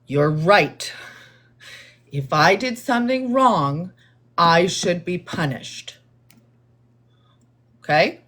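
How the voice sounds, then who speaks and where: A woman livestreamer with a fairly low-pitched voice responds to chat, slow and deliberate as she talks to viewers. She sounds calm and explanatory, much like a therapist, and her measured tone is heard as condescending.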